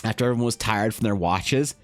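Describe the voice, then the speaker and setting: A man streaming live, telling a story in casual talk. He swears freely, laughs often, and swings between loud bursts and low, muttered asides. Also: fast talker, soft background music. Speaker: livestreaming artist.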